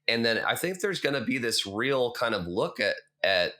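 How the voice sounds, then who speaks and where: A man's voice: mid-range voice, very animated, moderate pace, sharp tone. A man hosting a podcast, sharing his views in an earnest, thinking-aloud way. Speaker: podcast host. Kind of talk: casual interview chat.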